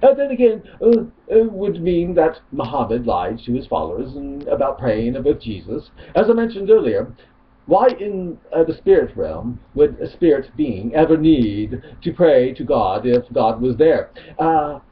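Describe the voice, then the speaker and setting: A man's voice: mid-range voice, sing-song, measured pace. A man voicing a snobby, haughty atheist chat user in a Stewie Griffin impression, on a dull lo-fi recording. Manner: haughty, prissy reading of a post.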